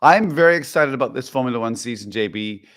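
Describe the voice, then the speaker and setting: A man's voice: medium pitch, expressive, quick pace, fairly bright tone. A man co-hosting a podcast in casual chat, rambling with restarts and asides. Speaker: podcast co-host.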